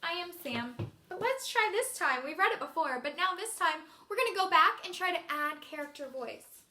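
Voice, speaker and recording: A woman's voice: extremely high pitch, animated, moderate pace, pushed and bright, reverberant. A woman teacher giving an encouraging, sing-song reading lesson to young children.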